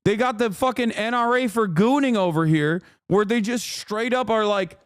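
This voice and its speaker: Male streamer, high pitch, dry close mic, casual profane ranting. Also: normal speed, clear, resonant tone, no echo. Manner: ranting, profane, mocking voices in bursts. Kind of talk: casual livestream commentary.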